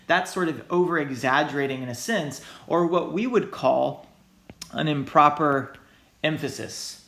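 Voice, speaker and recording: A man's voice: fairly high pitch, unhurried, gravelly, a bit bright, reverberant. A male teacher giving a recorded lecture in a loose, hedging way, often checking in with "right?" and "okay?". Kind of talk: recorded lecture explaining logic.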